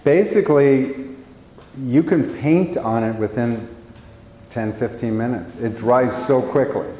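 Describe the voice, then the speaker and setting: A man's voice: medium pitch, measured pace, dark tone. Chatty older man in an echoey hall. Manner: chatty, self-mocking, rambling with restarts. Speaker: painting teacher. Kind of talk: casual talk to a live class. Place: room with a small live audience. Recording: echoey hall with faint noise.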